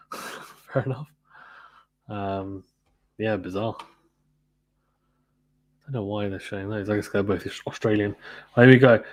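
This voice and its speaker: A man's voice: on the low side, fairly even intonation, measured pace, long pauses. A man doing live play-by-play tennis commentary on a stream, chatty and informal, stopping to read viewers' comments. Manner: chatty, reads viewer comments, fillers like "to be honest with you".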